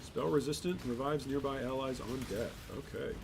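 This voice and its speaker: A man's voice: mid-range voice, steady tone, normal speed, creaky, noisy background. A man hosting a gaming channel, giving casual gameplay commentary with rambling, exasperated asides.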